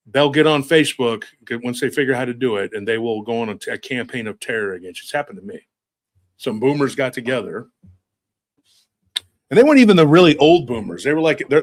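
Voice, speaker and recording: A man delivering a sardonic, rambling satirical monologue, muttering his asides. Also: mid-range voice.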